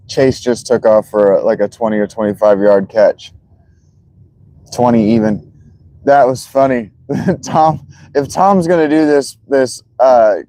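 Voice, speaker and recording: A man's voice: mid-range voice, warm tone, dry recording. A man streaming live as he watches football, chatting casually and greeting viewers by name.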